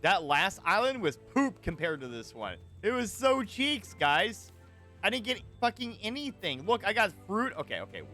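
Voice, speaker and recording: A man streaming a survival game, giving animated, swear-laden commentary and chatting with his viewers. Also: high-pitched, normal speed, soft background music. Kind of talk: live gameplay commentary.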